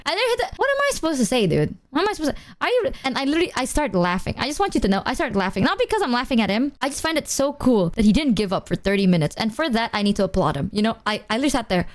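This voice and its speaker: A young woman streamer telling a story to her chat in a casual, animated way, laughing and swearing often. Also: a little high, fast talker, hardly any pauses. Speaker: VTuber streamer.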